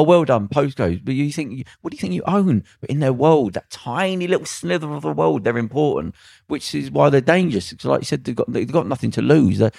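A man's voice: mid-range voice, vocal fry, darkish tone, dry recording, studio quality. A man telling stories in blunt, sweary casual chat, acting out the voices he quotes.

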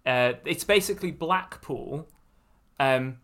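A man's voice: fairly high pitch, takes it slowly, fairly bright tone. A man co-hosting a podcast in casual chat. He hesitates often and adds light, joking asides. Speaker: podcast co-host.

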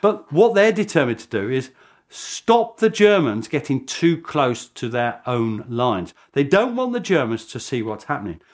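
A man's voice: medium pitch, sing-song, a little slow. A man speaking as a historian in a documentary interview, telling the story with chuckles and restarts.

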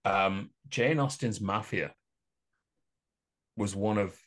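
A man with a lowish voice co-hosts a relaxed podcast. He rambles through his film opinions, laughs easily and hops from one complaint to the next. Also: slow. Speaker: podcast co-host. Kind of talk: casual podcast film chat.

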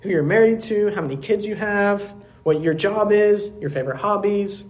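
A man pastor preaching a sermon in a church service, earnest, asking rhetorical questions and dropping to quiet emphasis. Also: sits high, normal speed.

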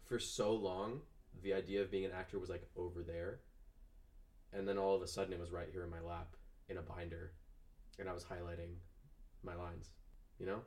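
Young man guest, low voice, animated chatty delivery, mic a bit far off. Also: moderate pace, pauses often. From Georgia, USA. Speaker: guest actor. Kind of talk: casual storytelling.

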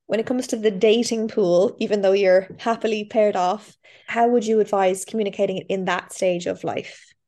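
A woman hosting a podcast interview, asking her guest questions in a thoughtful, measured way. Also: medium pitch, fairly even intonation, dark tone. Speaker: podcast host.

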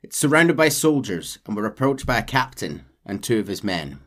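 A man's voice: fairly low pitch, very animated, normal speed, few pauses, a bit bright. A man hosting a podcast, casually retelling a game's story and chuckling along the way. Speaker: podcast host.

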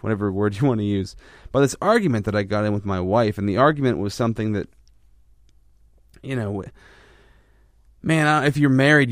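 Recorded in a clean studio without echo, this mid-range male voice belongs to a podcast host delivering a frank monologue. He muses self-reflectively about what frustrates him, wandering off track and starting sentences over again and again.

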